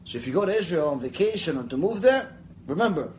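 A man gives a Mussar lecture in a high, lively voice that rises and falls widely. He tells stories chattily, acts out the people in them, and drifts into asides. Faint noise sits under the recording. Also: fast talker, poor audio. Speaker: Torah teacher.

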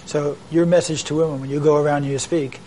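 A man interviewing a guest, quickly summing up her points and asking questions. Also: fairly high pitch, level tone, dark tone, a little hiss or hum, low-quality recording. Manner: fast, summarizing the guest's points.

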